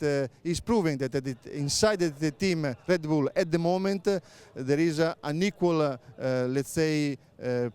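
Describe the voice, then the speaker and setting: A middle-aged man with an Italian accent gives interview answers as a racing pundit, his voice smooth and resonant and sitting a little high. He halts often on filler sounds and circles back to restart his phrases. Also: a little mellow. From Italy. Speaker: motorsport pundit, former racing driver.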